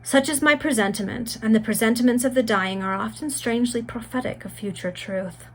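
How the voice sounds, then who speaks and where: A woman's voice: on the high side, fairly quick, natural voice. A frail young maiden on her deathbed speaks with earnest, rising fervour, read by a woman. Her lines come in a plain storybook reading voice, tender and prophetic. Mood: fervent.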